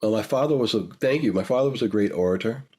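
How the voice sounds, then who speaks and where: A man's voice: lowish voice, fast talker, dark tone, breathy edge. An older man, a guest, telling a personal story in a reflective, emotional way, repeating phrases for emphasis.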